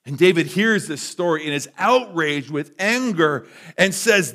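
A man with a slightly raised pitch, preaching a sermon. He tells the story in a relaxed, conversational manner and often stops to restart a phrase. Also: unhurried. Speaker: pastor.

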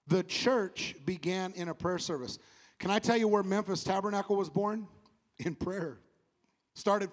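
A man with a Southern US accent preaching a sermon as pastor, animated, laughing at himself and calling for responses from the congregation. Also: sits high, big-room sound.

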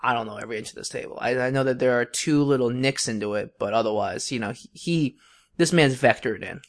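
Young dude podcast cohost, animated rambly storytelling, mid pitch. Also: male voice, fast. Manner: rambling, animated storyteller with many fillers and restarts. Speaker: podcast co-host. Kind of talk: casual storytelling chat.

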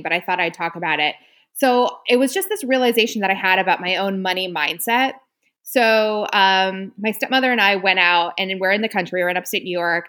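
Animated woman telling a story. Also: medium pitch. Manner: animated storyteller, acts out quotes, swears. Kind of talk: casual chat.

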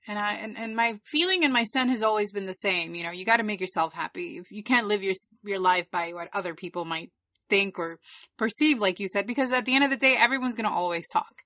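Female host, middle-aged, relaxed casual chat, dry close mic. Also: medium pitch, fairly quick, no room sound. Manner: relaxed, reflective, with fillers. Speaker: podcast host.

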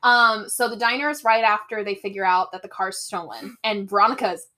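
A woman's voice: medium pitch, brisk. Young woman animatedly retelling a book plot. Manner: animated storytelling, mimics characters, laughs often. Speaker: podcast co-host. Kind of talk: casual chat comparing book and movie.

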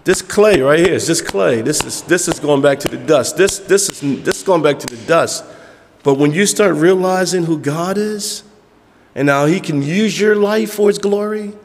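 Pastor, male, slightly high-pitched, preaching with repeated emphatic lines and sudden hushed drops, long church-hall echo. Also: normal speed, a little hiss or hum. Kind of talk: sermon. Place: church sanctuary.

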